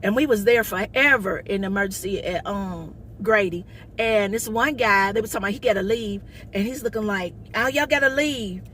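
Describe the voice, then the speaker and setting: A woman comedian telling a story to her viewers in a sassy, loud, casual way. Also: mid-range voice, a little fast, a little hiss or hum. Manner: sassy, loud, calls viewers baby and honey.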